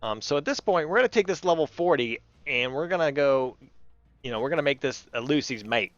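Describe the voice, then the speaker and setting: A man's voice: fairly high pitch, animated, brisk, no echo, dull audio. A man hosting his gaming channel, chatting and rambling through his gameplay and talking to the animals in the game. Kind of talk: casual gameplay commentary.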